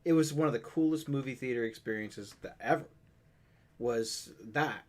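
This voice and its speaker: Man, podcast co-host, casual chat, lively storytelling. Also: mid-range voice, moderate pace. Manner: animated storytelling, swears casually.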